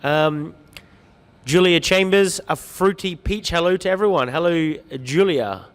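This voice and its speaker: A man's voice: on the high side, a little slow, clean tone, in a large hall. A man hosting a livestream, greeting viewers by name with light jokes in an upbeat chatty way. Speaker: livestream host reading viewer comments. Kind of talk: upbeat live-stream chat.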